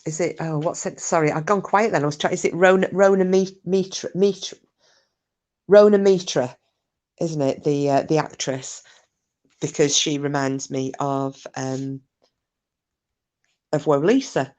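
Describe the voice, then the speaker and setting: A woman's voice: deep voice, steady tone, measured pace, pauses often, a little mellow. A Scottish woman hosting a casual livestream, reading viewers' comments aloud and chatting back in a teasing, chatty way with mild swearing. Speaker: livestream host.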